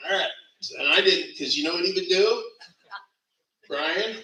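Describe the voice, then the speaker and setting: A man's voice: high voice, a little slow, bright, forceful tone. A middle-aged man giving a rambling funeral eulogy, laughing through his stories and correcting himself as he goes. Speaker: eulogy speaker. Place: funeral service venue. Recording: echoey room, distant mic.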